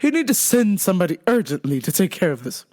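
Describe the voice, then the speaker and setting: A woman's voice: fairly low pitch, big pitch swings, fast, dark tone. A woman voicing a flamboyant, fussy older woman customer who calls everyone darling and talks dramatically. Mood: dramatic.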